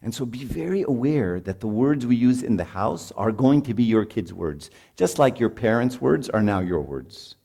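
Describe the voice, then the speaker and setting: A middle-aged man speaking at a marriage retreat talks to parents in an informal, conversational sermon, repeatedly saying "right?" and acting out parents and kids. His mid-range voice is expressive and mellow with vocal fry, moving at normal speed with few pauses.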